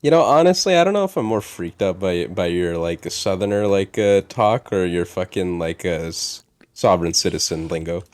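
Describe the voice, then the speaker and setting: A laid-back man with a very low voice chats casually on a podcast, hesitating and filling his pauses. The recording is close and dry. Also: expressive, a little mellow, no room sound. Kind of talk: casual chat.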